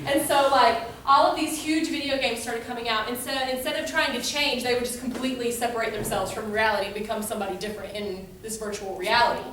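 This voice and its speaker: A young woman speaks to a youth group in a casual devotional talk, rambling through stories with plenty of fillers. Her voice is high and bright. She is picked up from far off in a strongly echoing room. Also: fairly even intonation, quick pace, few pauses, a little hiss or hum. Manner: chatty, filler-heavy storytelling.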